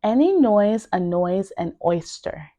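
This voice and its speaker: A woman teaching English pronunciation, saying tongue twisters slowly and deliberately, word by word. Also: mid-range voice, lively intonation, mellow. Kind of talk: pronunciation lesson.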